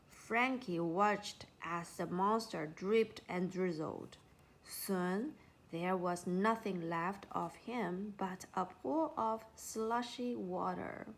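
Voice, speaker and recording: A woman narrating a children's storybook in an unhurried, expressive way. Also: mid-range voice.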